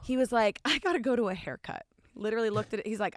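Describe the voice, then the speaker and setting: A woman in her thirties, a podcast guest telling a long personal story in casual chat, animated and full of "like", acting out her own past lines. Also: medium pitch, fast talker, dry recording, clean studio sound.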